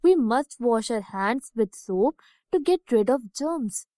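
A woman's voice: on the high side, expressive, slow pace, dark tone, dry recording, studio quality. A woman voicing a cheerful young girl who patiently explains things to her brother. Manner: patient, instructive.

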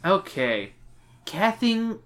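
A man's voice: sits high, sing-song, very slow, fairly bright tone. A drunk man hosting a podcast, recapping a book with sarcastic, giggly asides. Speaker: podcast host.

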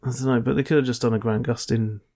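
A man's voice: medium pitch, steady tone, fast talker, a little mellow. A man co-hosting a casual film podcast, throwing in dry, joking quips. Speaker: podcast co-host. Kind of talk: casual film review chat.

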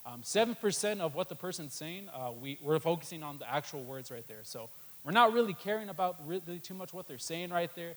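A man's voice: a little high, lively intonation, a little fast, a bit bright, rough recording. A man giving a sermon in a loose, conversational way, with many "um"s and a habit of saying "right there.". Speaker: preacher.

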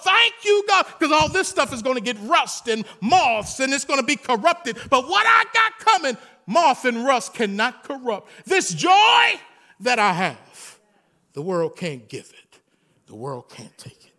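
A man, a pastor, preaching a sermon in an animated, folksy way, telling stories with humor and rising to shouts. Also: extremely high pitch, moderate pace.

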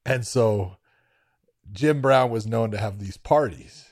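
A man co-hosting a podcast, chatting casually and telling stories with lively, profane asides. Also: on the low side, slow, no room sound, clean studio sound. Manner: lively storytelling, casual swearing. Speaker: podcast co-host. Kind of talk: casual chat.

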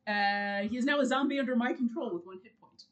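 A woman playing a tabletop role-playing game, chatting casually and excitably. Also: fairly high pitch, fast, low-quality recording. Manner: excitable, animated. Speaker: player.

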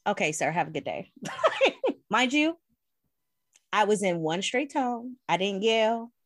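A woman in casual podcast chat, telling an animated, profane story with plenty of laughs. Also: mid-range voice, measured pace. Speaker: podcast co-host.

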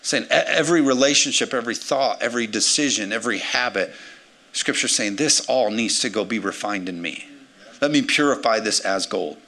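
Energetic preacher man in his forties. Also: on the low side, brisk. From United States. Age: 40s. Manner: energetic, swings between loud emphasis and quiet asides. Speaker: pastor. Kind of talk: sermon.

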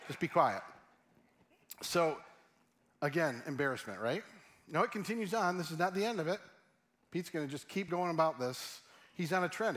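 A man's voice: fairly high pitch, expressive, a little fast. A middle-aged man preaching a sermon in a humorous, conversational way, often asking his audience questions. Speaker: pastor.

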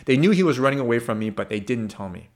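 A man voicing a furious, paranoid king who shouts his accusations during a sermon reading. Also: medium pitch, lively intonation, fast talker, natural voice. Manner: shouting, demanding.

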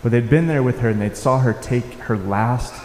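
A male pastor preaches in a mellow, warm voice with an unhurried, reflective delivery, at times dropping almost to a hush. His voice rings through a large church hall with long reverb. A faint room ambience sits underneath. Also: mid-range voice, a little hiss or hum. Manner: unhurried, reflective, with soft-spoken quoted lines. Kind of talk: sermon.

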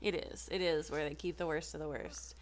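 A woman's voice: deep voice, steady tone, a little fast. A woman co-hosting a podcast, dropping dry wisecracks into a casual chat. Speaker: podcast co-host.

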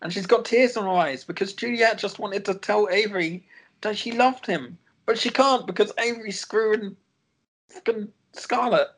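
A chatty man recapping a TV show episode, with a voice pitched a bit above average. He rambles between plot points and often breaks into giggles. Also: normal speed, fairly bright tone, poor audio.

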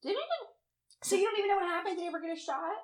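A woman co-hosting a casual chat who reacts to stories with quick asides and frequent laughter. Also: very high voice.

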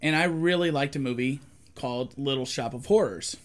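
A man's voice: medium pitch, moderate pace. A man in his forties co-hosting a casual chat, rambling through a story with plenty of fillers and restarts. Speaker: podcast co-host.

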